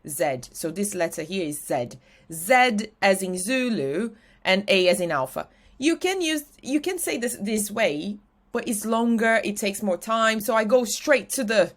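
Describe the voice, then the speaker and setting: Using slides, a young woman from Brazil teaches English, slowing down to spell out letters clearly. She's a native Portuguese speaker with a Brazilian Portuguese accent, and her pitch is medium.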